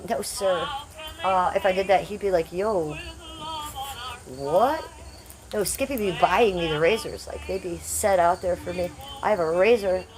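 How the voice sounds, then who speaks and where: A woman's voice: fairly low pitch, moderate pace, crowd noise. A woman hosting a casual livestream, reading chat comments aloud in a brash, crude and playful way. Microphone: phone.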